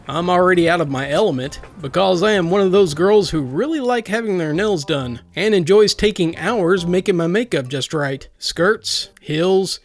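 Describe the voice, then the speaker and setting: A man with a notably high voice for his sex reads a first-person story aloud, steady and lightly wry. Faint music plays under the narration.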